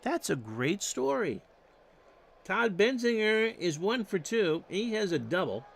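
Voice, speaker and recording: Slow, higher-voiced male baseball announcer. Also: sing-song, gravelly. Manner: stat-heavy calls with wry joking asides. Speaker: play-by-play announcer. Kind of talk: baseball play-by-play commentary.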